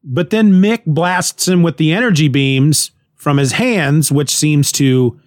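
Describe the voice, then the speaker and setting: A man's voice: on the high side, slow, dry recording, clean studio sound. A man retelling a comic book story in a casual, rambling way, with frequent restarts and chuckles.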